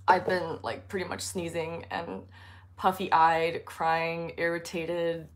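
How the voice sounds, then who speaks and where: A woman's voice: on the low side, fairly even intonation, slow pace. A woman hosting a casual livestream from her art studio on her phone, sounding congested from allergies and chatting with lots of fillers. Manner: chatty with frequent fillers and giggles. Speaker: artist livestream host.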